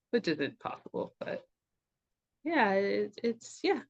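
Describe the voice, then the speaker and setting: A woman's voice: mid-range voice, big pitch swings, takes it slowly, creaky, long pauses, highs cut off. A middle-aged woman talking as a podcast guest in a loose, reflective way, laughing often and saying "like" a lot. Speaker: podcast guest, somatic practitioner. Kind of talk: casual reflective conversation.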